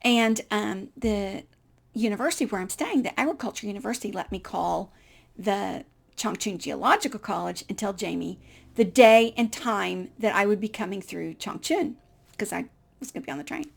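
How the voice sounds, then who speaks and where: A woman from the United States telling a personal story in an animated way, acting out the dialogue and laughing often. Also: medium pitch, normal speed, vocal fry. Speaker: speaker telling her life story.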